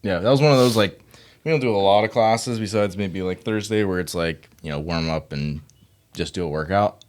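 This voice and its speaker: A man with a very low, deep voice talks casually about workouts he wrote as a gym coach. He rambles a little, leaning on fillers as he thinks aloud. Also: brisk. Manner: relaxed, rambling with many fillers. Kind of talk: casual chat.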